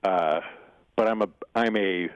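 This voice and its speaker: A man who is an actor guest in a casual interview, rambling with many restarts and quick chuckles. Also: deep voice, smooth, no room sound, highs cut off.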